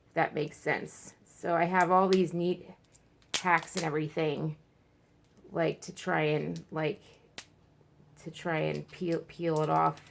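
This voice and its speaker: A woman's voice: fairly low pitch, vocal fry. A woman talking frankly in a rambling personal vlog at home, full of fillers and restarts. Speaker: vlogger. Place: at home, indoors.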